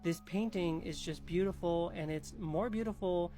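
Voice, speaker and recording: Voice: medium pitch, moderate pace, warm tone, faint music behind, lightly acted. A storyteller quoting a secretive, evasive husband in a spooky story. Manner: evasive, apologetic.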